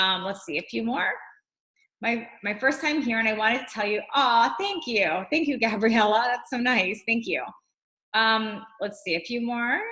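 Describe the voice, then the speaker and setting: A woman's voice: fairly high pitch, bright, forceful tone, poor audio. A woman fitness coach chatting casually on a live stream, reading out viewer comments and answering them in a loose, talky way.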